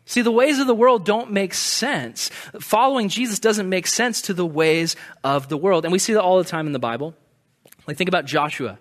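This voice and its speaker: High-voiced animated male preacher. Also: normal speed. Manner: animated, acts out quoted voices. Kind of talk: conversational sermon.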